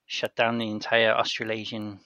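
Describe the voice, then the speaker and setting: A man's voice: on the low side, completely flat delivery, normal speed, sharp tone, dry recording, dull audio. A man talking as a podcast guest, hesitant and self-deprecating in casual chat.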